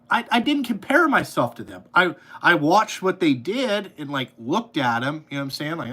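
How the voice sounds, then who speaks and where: A man's voice: a little high, sing-song, moderate pace, hardly any pauses, pushed and bright, breathy edge. A man ranting angrily into his podcast mic, swearing constantly and rambling with repeated fillers. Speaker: podcast host, trucking business owner. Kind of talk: profane ranting monologue.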